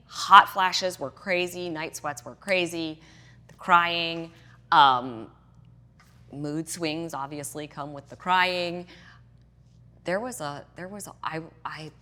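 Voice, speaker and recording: Appearing as a guest on a casual podcast interview, a middle-aged woman who coaches fitness and hormone health acts out her past reactions with animation. She speaks in a low, bright voice with a forceful tone.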